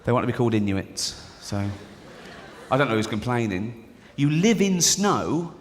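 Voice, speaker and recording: A middle-aged English man doing stand-up comedy, sardonic and mock-apologetic, breaking into shrill put-on voices. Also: big pitch swings, moderate pace, a little hiss or hum. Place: large theater stage before an audience. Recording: live concert recording in a reverberant hall.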